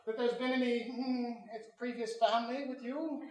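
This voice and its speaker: A man's voice: extremely high pitch, fairly even intonation, normal speed, darkish tone, slight background noise. A man doing improv as a tall, bearded French king, pompous and aloof, lonely and haughty. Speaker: improv comedian. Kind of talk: live improv scene. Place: small improv theater stage. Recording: roomy live theater, mic from far off. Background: audience laughter.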